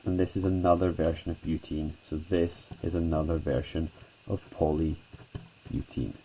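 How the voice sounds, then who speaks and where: A man's voice: rumbling low, fairly even intonation, normal speed, mellow, slightly rough, rough recording. A man teaching a chemistry lesson at a whiteboard, chatty and self-deprecating, talking students through each step.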